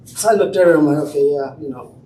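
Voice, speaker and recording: Man, high voice, storytelling talk, acts out quoted dialogue, distant mic, echoey room. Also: quick pace, dark tone, slight background noise. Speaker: entrepreneur speaking at a brunch event. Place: event room with an audience. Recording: roomy, distant mic, faint ambience.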